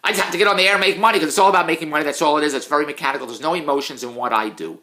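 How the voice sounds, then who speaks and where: A middle-aged man in a casual, self-mocking rant, swinging between low mutters and loud outbursts. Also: rapid-fire. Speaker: vlogger, TV producer. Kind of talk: casual ranting monologue.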